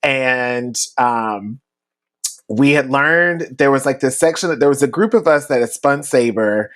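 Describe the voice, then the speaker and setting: A man's voice: medium pitch, unhurried, a bit bright. Man telling a story casually. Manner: chatty, laughs while telling stories.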